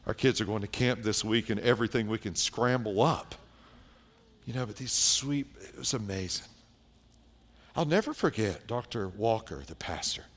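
A middle-aged man from South Carolina, a pastor telling stories in a sermon with wry asides, dropping quiet for emphasis. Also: fairly low pitch, normal speed. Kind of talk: sermon storytelling.

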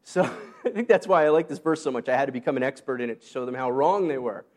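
A man preaching a sermon in a relaxed, conversational way, with joking asides and short laughs. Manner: conversational, self-deprecating asides and quick laughs; rises high when quoting Paul. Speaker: pastor.

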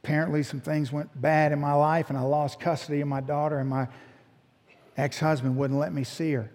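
The recording, drenched in long hall reverb, captures a middle-aged pastor spinning a sermon story while acting out its people. His voice is slightly high and he moves fairly quickly, animatedly voicing each character.

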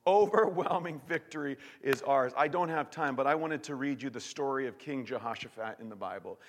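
A male pastor preaching a sermon in an animated, emphatic way, often repeating and restarting his words. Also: medium pitch, fairly quick, in a large hall. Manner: animated, emphatic preaching with sudden shouts and drops to near-whisper.

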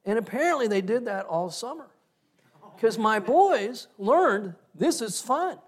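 A middle-aged man preaching a sermon, telling personal stories in an animated way and acting out the conversations in them. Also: extremely high pitch, unhurried. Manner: animated storyteller, acts out quoted exchanges with laughter. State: breathes through one side of nose. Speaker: pastor.

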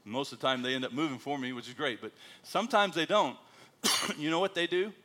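Speaking a little fast in a slightly high voice, the man is an American missionary pastor preaching at church. He livens up the sermon with folksy, humorous anecdotes and jokes at his own expense.

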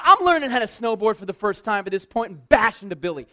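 A man who works at a church tells a personal anecdote in a lively, conversational way, full of "like" and self-mocking humor. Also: high-pitched, quick pace, few pauses. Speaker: church worker telling a personal story. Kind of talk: casual personal storytelling.

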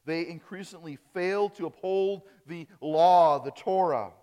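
A Wisconsin pastor preaches from the stage of a church sanctuary, his unhurried, clean-toned voice sitting a bit high for a man. He preaches emphatically, rising on key phrases and dropping soft at the ends of lines, while the church wraps every word in long reverb.

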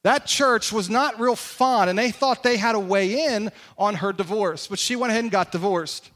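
A man's voice: high voice, moderate pace, a bit bright. A man preaching a conversational sermon as pastor, with emphatic repetition and rhetorical questions. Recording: long hall reverb.

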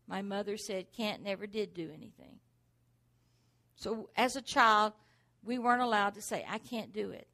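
A woman's voice: mid-range voice, normal speed, pushed and bright. A middle-aged woman preaching a sermon, driving points home with rhetorical questions and repeated exhortations.

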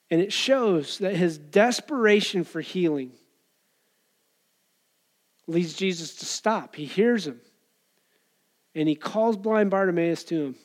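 A man's voice: sits high, lively intonation, slow pace, long pauses. A pastor preaching a conversational sermon to his church, acting out voices from the story. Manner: conversational preaching, acts out crowd and beggar voices.

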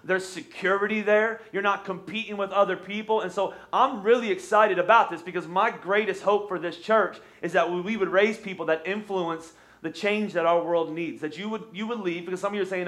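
A man, an energetic pastor preaching a sermon from a church stage and urging the congregation to respond. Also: high-pitched, a little fast, hardly any pauses.

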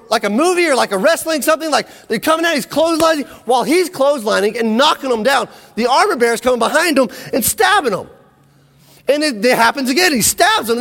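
Male preacher, high voice, lively animated delivery, energetic storytelling, long hall echo. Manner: energetic storytelling, acts out quotes, asks the audience. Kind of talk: sermon.

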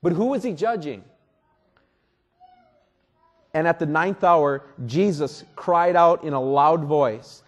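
A man preaching a sermon as pastor at a church service, earnest and deliberate, often repeating words. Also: on the high side.

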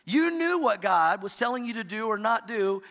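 Middle-aged male pastor, high bright voice, animated storytelling sermon in a reverberant hall. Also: moderate pace, vocal fry. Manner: storytelling, animated, with playful asides.

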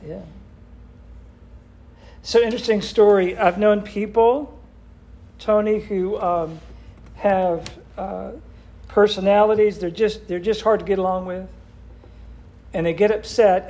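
Man with a high voice who teaches a church group by firing questions at them. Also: steady tone, a little slow, long pauses, mellow. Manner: asks the group questions, repeats answers back. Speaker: Bible study leader. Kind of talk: interactive Bible study teaching.

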